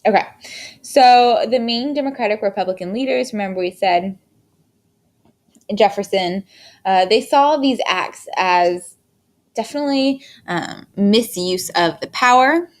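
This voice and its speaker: A woman teaching a history lesson in a recorded lecture, talking in an unhurried, fairly monotone way with frequent fillers and restarts. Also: medium pitch. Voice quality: monotone delivery. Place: indoors, screen-recorded lecture.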